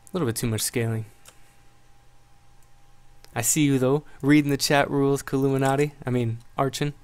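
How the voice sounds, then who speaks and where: A man's voice: medium pitch, moderate pace, a little hiss or hum. A man running a casual live-stream tutorial on making electronic music, thinking aloud as he works and chatting with viewers. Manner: relaxed, thinks aloud while working, greets chat. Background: loud electronic music playing back.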